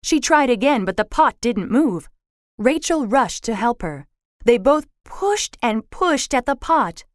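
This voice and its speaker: A woman reads a children's storybook aloud, slow and clear, her voice moving up and down. The sound is close and dry. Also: a little high, very animated, dry recording.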